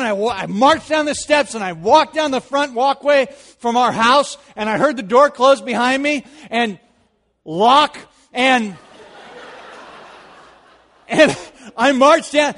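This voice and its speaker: A man preaching a sermon, telling stories with lively, rising energy and quiet serious turns. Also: very high-pitched. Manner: animated storytelling, rising loud in anecdotes. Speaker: pastor. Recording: long hall reverb.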